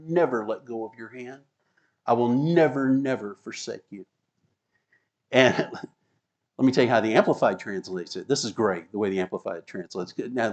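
Preaching a sermon with slides, a man in a mid-range, darkish voice teaches emphatically. He reads verses of scripture aloud and occasionally chuckles.

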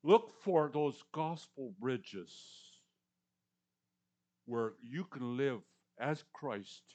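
A man in his sixties preaching a conversational sermon, repeating words for emphasis and swinging between loud and hushed lines. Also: mid-range voice, lively intonation, very slow. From Canadian or US prairies. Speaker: pastor.

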